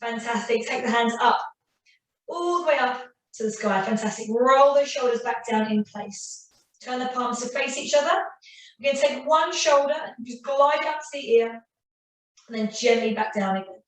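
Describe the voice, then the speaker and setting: Echoey, high-voiced woman leading Pilates. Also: moderate pace, distant mic. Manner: encouraging, counts reps and cues breathing. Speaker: Pilates instructor. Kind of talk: guided exercise class instruction. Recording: very echoey room, voice from off-mic.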